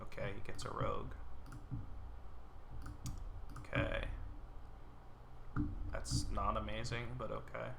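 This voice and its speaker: A man's voice: fairly low pitch, flat delivery, slow pace, gravelly, long pauses, noisy background. A man giving casual, muttering commentary while he plays a card game online, with sarcastic outbursts at bad draws. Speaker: gameplay streamer.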